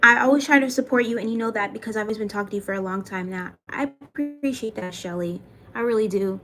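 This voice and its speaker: A woman's voice: mid-range voice, fast. A young adult woman chatting casually on a livestream, thanking viewers by name and swearing now and then. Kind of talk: casual livestream chat reading comments.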